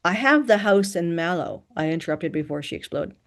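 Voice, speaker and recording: Low-voiced woman reading a novel. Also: animated, fairly quick. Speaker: audiobook narrator. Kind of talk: first-person novel narration.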